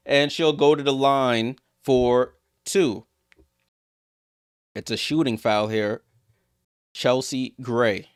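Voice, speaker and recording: A man giving live play-by-play of a basketball game as a streamer, getting louder on big plays and greeting viewers in the chat. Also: steady tone, slow, pauses often, no room sound, clean studio sound. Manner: rises sharply in pitch and volume on big plays.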